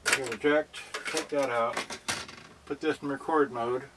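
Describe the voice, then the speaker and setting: A man casually demonstrating a serviced stereo, talking in halting bits as he thinks aloud and works the gear. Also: mid-range voice, steady tone, heavy background noise.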